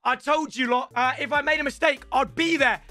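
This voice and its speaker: A young man, reacting excitedly to footage of his own football match and breaking into loud play-by-play. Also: very high voice, a little fast, faint music behind. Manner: animated, bursts into shouts of play-by-play.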